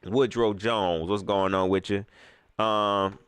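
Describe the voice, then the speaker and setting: A man's voice: fairly low pitch, steady tone, slow, fairly bright tone, smooth, no room sound. A man hosting a sports fan live stream, venting in casual slangy talk and firing off emphatic rhetorical questions as he reads viewer comments. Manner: casual slangy speech with frequent fillers. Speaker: fan channel host reading live comments.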